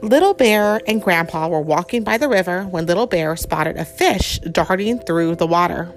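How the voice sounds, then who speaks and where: A woman reading a picture book aloud to a child at home, telling the story expressively and pausing to ask him questions. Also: fairly low pitch, expressive, soft background music.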